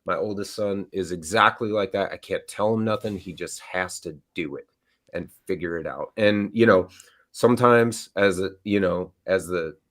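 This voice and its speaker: A middle-aged man co-hosts a live stream, chatting casually and rambling with plenty of fillers. His voice is low-pitched and fairly bright, and he talks at a normal speed.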